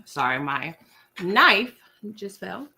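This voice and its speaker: A lowish, creaky female voice with a sing-song lilt and a pushed, bright quality speaks slowly. She's an East Coast livestream host with a matching accent, eating dinner at her laptop mic, talking through bites, chatting with viewers, and laughing.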